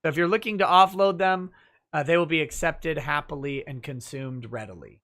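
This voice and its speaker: A bright, fairly high-voiced man hosts a casual livestream talk show. He reads viewer chat messages aloud, replies in an easygoing way and laughs often. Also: moderate pace.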